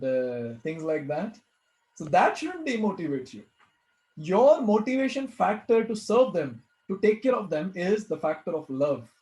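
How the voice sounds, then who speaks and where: High-voiced Indian man teaching devotion. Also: dark tone, reverberant, low-quality recording. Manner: earnest, repeats key phrases, poses rhetorical questions. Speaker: spiritual teacher answering questions. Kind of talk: devotional Q&A talk.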